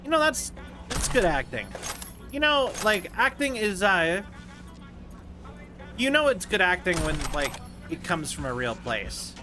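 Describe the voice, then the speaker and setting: A man's voice: high-pitched, big pitch swings, measured pace, pauses often, over music. A man streaming a game, chatting casually with viewers in a rambling, jokey way. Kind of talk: casual gameplay commentary.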